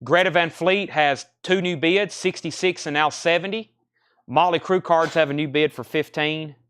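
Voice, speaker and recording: A man hosting a live record sale, briskly calling out bids and prices, out of breath. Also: on the high side, fairly bright tone, smooth, dry recording, clean studio sound. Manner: brisk, matter-of-fact auctioneer patter. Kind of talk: live sales stream, rattling off prices.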